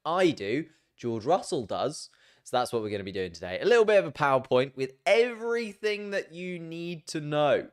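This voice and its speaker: A man's voice: a little high, sing-song, normal speed. A man hosting a casual, chatty explainer video, jokey and self-mocking as he banters. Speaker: YouTube host.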